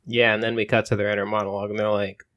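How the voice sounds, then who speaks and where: A man with a fairly low voice who pitches story ideas in a relaxed chat. He sounds hesitant and fills his sentences with ums and likes. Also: very fast, dry recording. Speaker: co-writer brainstorming a story. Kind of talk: casual chat.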